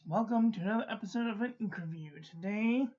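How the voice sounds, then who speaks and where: A woman hosting a casual live-streamed ink review, chatting to viewers and often clearing her throat. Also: mid-range voice, quick pace, dark tone, muffled recording. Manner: chatty, frequent throat-clearing, drops to mutters.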